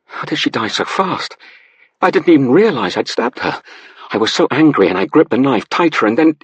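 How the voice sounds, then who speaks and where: A man's voice: lowish voice, fairly bright tone, breathy edge, no room sound. A man narrating a first-person psychological thriller, voicing a panicked husband who curses as he speaks. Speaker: audiobook narrator.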